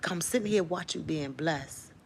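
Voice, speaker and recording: Woman host, gravelly low voice, animated testimony, faint room noise. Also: fairly quick. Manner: animated storytelling, acts out quotes, laughs often. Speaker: host sharing a faith testimony. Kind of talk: lively spoken testimony to viewers.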